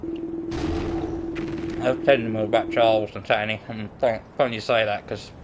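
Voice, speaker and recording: A man's voice: lowish voice, steady tone, normal speed, very noisy. Laid-back southern English man rambling. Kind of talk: casual chat.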